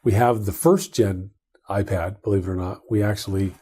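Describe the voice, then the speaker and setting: Man, middle-aged, lowish husky voice, casual podcast chat, rambling with restarts. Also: steady tone, moderate pace, dark tone. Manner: rambling, many restarts and fillers. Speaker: podcast co-host.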